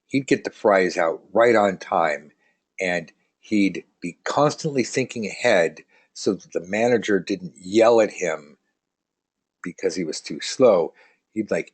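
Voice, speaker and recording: A man's voice: sits low, husky. A man teaching tarot in a casual live online lesson, chatty and joking, reading out viewer comments as he rambles along.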